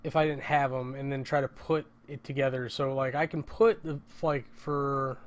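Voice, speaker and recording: A man's voice: medium pitch, fairly even intonation, moderate pace. A man rambling casually at home in a vlog, interrupting himself and swearing often. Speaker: vlogger.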